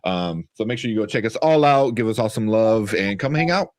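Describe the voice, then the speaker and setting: A man's voice: lowish voice, lively intonation, brisk, dry recording, studio quality. A man with a Chicago accent hosting a casual sports chat, rambling along with lots of fillers and the odd curse. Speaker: podcast host.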